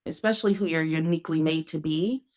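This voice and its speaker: A woman's voice: deep voice, quick pace, darkish tone. A woman hosting a casual conversation, telling her story in an earnest, reflective way. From Northeast Ohio, USA. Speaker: podcast host.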